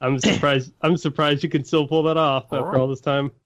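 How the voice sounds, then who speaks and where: A man co-hosting a casual podcast over an online call, joking and quick with quips. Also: on the high side, fairly even intonation, fairly bright tone. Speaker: podcast co-host. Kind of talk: casual chat.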